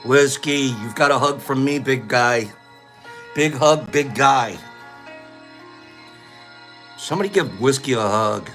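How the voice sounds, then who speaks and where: A man's voice: mid-range voice, slow pace, pauses often, a bit bright, faint music behind. A man hosting a live stream in a casual, playful way, greeting viewers by name and teasing them. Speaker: livestream host.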